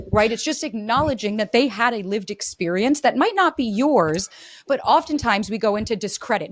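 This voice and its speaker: A woman's voice: a little high, expressive, moderate pace, no room sound. A woman relationship coach as a podcast guest, talking fluently and acting out sample dialogue, with frequent "like". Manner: fluent, uses "like" often, acts out example dialogue. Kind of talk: casual interview chat.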